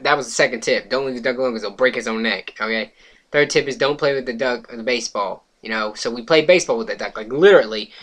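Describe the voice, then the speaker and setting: A young man rambles through a comic story at a vlog camera. He swears freely and laughs as he goes. His voice sits at an ordinary pitch for a man. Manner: swears freely, laughs while telling, gets loud and excited at the funny parts. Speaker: vlogger.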